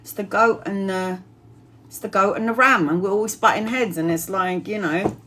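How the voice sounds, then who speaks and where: A woman's voice: medium pitch, normal speed, bright, forceful tone, slight background noise. A woman, giving a live-stream tarot reading in a chatty, blunt way and laughing often. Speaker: tarot reader.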